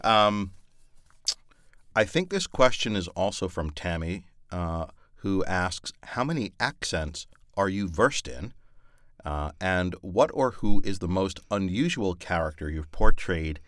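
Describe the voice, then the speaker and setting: Male narrator, deep low register, casual rambling podcast talk, dry close sound. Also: expressive, unhurried, fairly bright tone, no echo. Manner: thoughtful, rambling with many fillers. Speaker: audiobook narrator.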